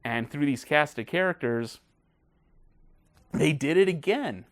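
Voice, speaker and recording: A man hosting a casual film review video, talking in a gushing, excited way. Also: a little high, a little slow.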